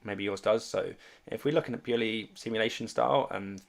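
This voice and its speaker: Gravelly low-voiced man thinking aloud. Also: brisk. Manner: musing, thinking aloud with many fillers and restarts. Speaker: streamer and fantasy sports host. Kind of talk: casual livestream chat reading comments.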